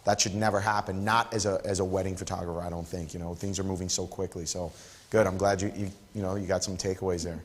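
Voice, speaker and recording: A man's voice: low voice, level tone, quick pace, long reverb tail. Encouraging man teaching a live workshop. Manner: emphatic, encouraging, playful. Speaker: photography workshop instructor.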